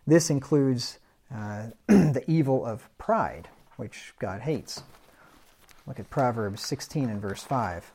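A man's voice: mid-range voice, expressive, slow pace, a little mellow, husky. Middle-aged male preacher, casual Bible study, reads verses aloud, self-deprecating chuckles. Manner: conversational, reads scripture aloud, chuckles at himself.

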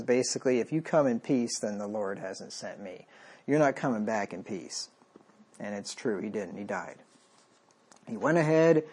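A man's voice: medium pitch, warm tone, breathy edge. A man preaching a conversational sermon, reading scripture aloud and wryly acting out the lines of the people in it. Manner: conversational, wry, acts out the king's lines.

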